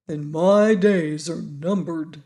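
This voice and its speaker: A man reading an audiobook and voicing an anxious, polite pumpkin-headed man who talks slowly and sighs with worry. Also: sits high, dark tone. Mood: gloomy. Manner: slow, fretful, sighing delivery. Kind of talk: audiobook character voice.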